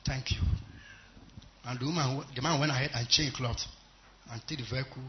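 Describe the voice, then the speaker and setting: Emphatic Nigerian preacher, muffled. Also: male voice, mid-range voice, fairly even intonation, moderate pace. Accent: Nigerian English. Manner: emphatic, swings between loud exhortation and quiet storytelling. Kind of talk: sermon. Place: church service. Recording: muffled recording.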